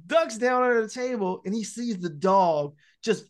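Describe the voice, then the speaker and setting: A man with a high, light speaking voice recaps a film in loose, profane casual chat. He tells it with energy, acting out the characters' lines along the way. His words come fast and scattered, full of "like" and restarts. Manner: animated, profane retelling with acted-out quotes. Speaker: podcast host.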